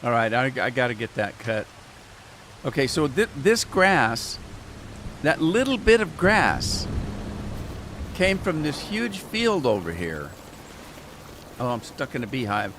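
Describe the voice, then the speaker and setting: A man's voice: medium pitch, sing-song, takes it slowly, pauses often, background noise. A man with an ordinary mid-range voice chats his way through a game, muttering to himself and answering viewers. His talk is loose and rambling. A faint patter of game rain sits behind him. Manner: rambling, chatty, talks to himself and chat. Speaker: gaming channel host. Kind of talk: casual gameplay commentary. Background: rain sounds from the game.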